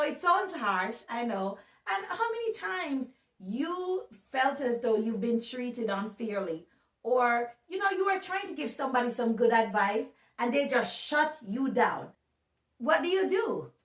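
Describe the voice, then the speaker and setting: A woman giving a casual, animated Bible talk, chatty and joking at her own expense. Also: high-pitched. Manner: chatty and animated, laughs at herself. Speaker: Bible teacher. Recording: roomy sound from a distance.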